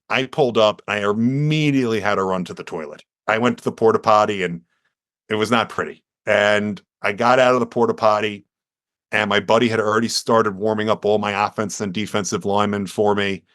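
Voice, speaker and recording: A man's voice: fairly low pitch, no echo, studio quality. A man, telling his story earnestly as a podcast guest and acting out quotes with energy. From United States. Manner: earnest, animated storyteller who acts out quotes.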